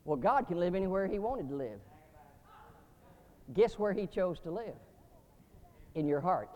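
A man preaching a sermon to seminary students, emphatic, with sudden rising bursts and slow stressed words. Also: high voice, big pitch swings, a little mellow, long reverb tail.

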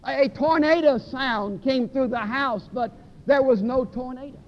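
A man from preaching a sermon, emphatic, drawing out key words and repeating phrases for effect. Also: measured pace. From Mississippi, USA. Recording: dull lo-fi recording with faint rumble.

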